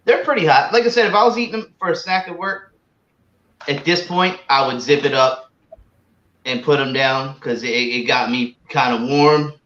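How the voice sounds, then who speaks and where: A man's voice: fairly high pitch, normal speed, fairly bright tone. A man chatting casually on a livestream about tasting spicy snacks, rambling with lots of "like" and "uh". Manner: rambling, full of "like" and "uh". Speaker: guest tasting hot snacks. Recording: echoey lo-fi call audio.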